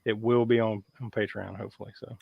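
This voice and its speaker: A man's voice: lowish voice, little pitch movement, fast, gravelly, slightly rough, no echo. A man hosting a live horror podcast, chatting casually with a joking, rambling, wry manner. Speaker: podcast host. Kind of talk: casual live-stream chat. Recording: dull lo-fi sound.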